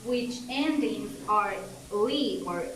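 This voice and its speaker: In poor, roomy audio with slight background noise, a young Colombian woman whose first language is Spanish speaks slowly in a medium-pitched, slightly bright voice with lively intonation. As a student presenter, she walks the class through pronunciation rules in a casual, encouraging teacher's tone full of fillers.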